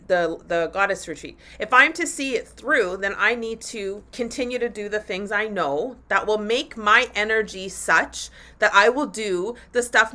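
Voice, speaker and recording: A woman hosts a live motivational talk for her listeners. Her voice is bright and forceful, and she speaks candidly and with animation, dropping swear words freely along the way. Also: mid-range voice. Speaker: podcast host and women's coach.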